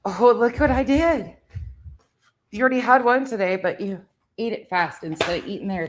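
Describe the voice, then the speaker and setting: A woman's voice: mid-range voice, moderate pace, noisy background. A woman filming a casual home vlog, talking to her dogs in cooing baby talk and swearing offhandedly. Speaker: vlogger. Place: home living room with dogs.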